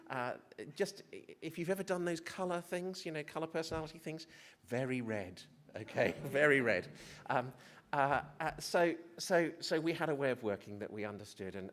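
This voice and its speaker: A middle-aged male physician giving a conference presentation, hesitant and prone to restarts, with self-deprecating humour. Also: mid-range voice. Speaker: physician speaker. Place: conference hall.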